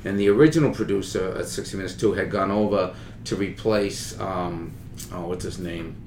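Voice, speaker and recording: A man's voice: deep voice, moderate pace, darkish tone, echoey room, slight background noise. A man with a Boston accent chatting casually as a guest, telling stories and often stopping to search for names. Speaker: guest comedian. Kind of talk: casual chat.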